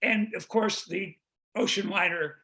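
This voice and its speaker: An older man guesting on a video-call interview, telling rambling comic stories about a show he wrote, with restarts and quick jokes. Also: high-pitched, bright, forceful tone. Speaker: guest, comedy songwriter. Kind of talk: casual interview chat.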